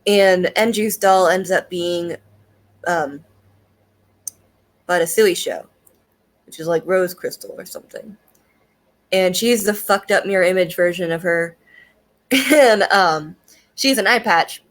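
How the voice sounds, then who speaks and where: A woman's voice: lowish voice, takes it slowly, long pauses. A young woman casually reviewing an anime, talking in a chatty, profane way and filling her sentences with "like" and "um.". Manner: chatty and profane, with frequent fillers and laughs.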